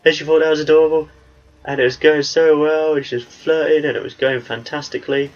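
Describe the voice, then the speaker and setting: A man's voice: a little high, level tone, a little fast, lo-fi sound. A young man with an English accent, talking in a rambling, chatty way as he commentates on his gameplay. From England. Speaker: gaming channel host.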